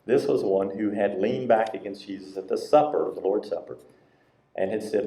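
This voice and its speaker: Low-voiced pastor preaching in a roomy church. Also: male voice, brisk. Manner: conversational, acts out quotes in a lively higher voice. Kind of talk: sermon. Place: church sanctuary. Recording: roomy church sanctuary sound.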